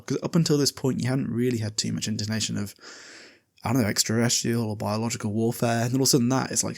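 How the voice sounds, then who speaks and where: A man's voice: medium pitch, fast, creaky. A man hosting a podcast, casually recapping a book chapter and reading passages aloud, loose and chatty with plenty of swearing and fillers. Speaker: podcast host summarizing a book.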